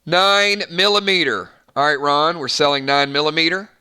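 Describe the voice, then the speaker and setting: Game host from the Southern US, hyper and rambling, bright pushy voice, fairly high. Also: male voice, clear, resonant tone. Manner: hyper, rambling, quick asides. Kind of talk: live game stream commentary.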